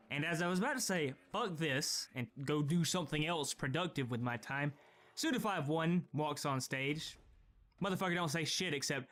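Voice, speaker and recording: A young man giving scripted gaming vlog commentary, profane and sarcastic, ranting with strong opinions. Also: on the high side. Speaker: gaming video creator.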